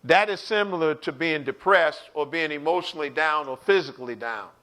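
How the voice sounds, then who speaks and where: A man's voice: a little high, brisk, pushed and bright. A man teaching an online Bible study sermon, preaching with animation, acting out quotes and speaking straight to his listeners.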